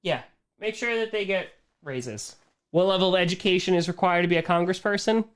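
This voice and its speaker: A young man ranting on a live stream, animated and exasperated, trailing off and repeating himself as he talks. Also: sits high, fairly quick, clear, resonant tone.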